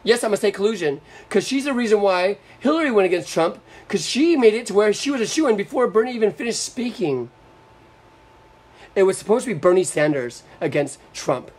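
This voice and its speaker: Hosting a live stream, a young man from Florida rants angrily about politics, swearing a lot and staying sarcastic and combative. He speaks a little fast in a high, slightly rough voice with lively intonation.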